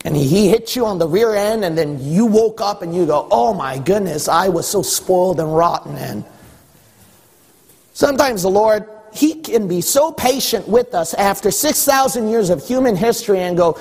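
A man preaching a sermon as pastor, animated, acting out exchanges with God. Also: high voice, normal speed, vocal fry, breathy edge. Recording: echoey hall with long reverb.

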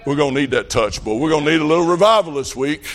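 A man's voice: fairly high pitch, animated, quick pace, a bit bright. A man preaching a revival sermon, telling folksy country stories with fervent emphasis. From rural farm upbringing.

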